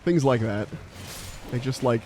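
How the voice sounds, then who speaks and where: A man's voice: mid-range voice, expressive, unhurried, warm tone. Rambling American man streaming a game. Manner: rambling, chatty, many "like" fillers; laughs easily while playing. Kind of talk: live gameplay commentary and chat.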